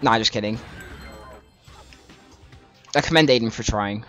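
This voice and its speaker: Excitable British man streaming a game. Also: on the low side, a little slow, pauses often, faint music behind. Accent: British English. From Britain. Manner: excitable, swears often, reacts loudly to mistakes. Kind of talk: casual live-stream commentary.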